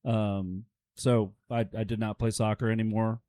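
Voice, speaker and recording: A man's voice: lowish voice, little pitch movement, moderate pace, dark tone, no echo. A man in his forties in a casual podcast chat, telling rambling self-deprecating stories. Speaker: podcast guest.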